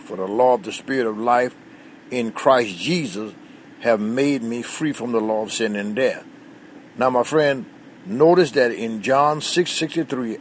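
A man's voice: medium pitch, slight background noise. A man giving a short devotional sermon in an earnest way, repeating phrases and quoting scripture. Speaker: preacher.

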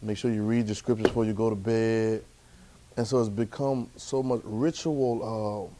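A man preaching a sermon to a Bible class, colloquial and calling out to his listeners, rising to loud exclamations. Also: flat delivery, moderate pace, background noise. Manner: rising to loud, high-pitched exclamations for emphasis; colloquial, calls out to the audience.

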